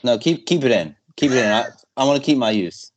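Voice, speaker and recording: A man's voice: mid-range voice, expressive, a little fast. Rambling young man hosting a podcast. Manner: rambling, hesitant, lots of fillers. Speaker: podcast host. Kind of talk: casual chat.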